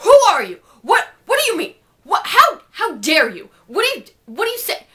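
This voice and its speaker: A woman voicing an indignant young male street preacher who shouts, sputters and repeats himself. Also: extremely high pitch, huge pitch swings, normal speed, full character voice.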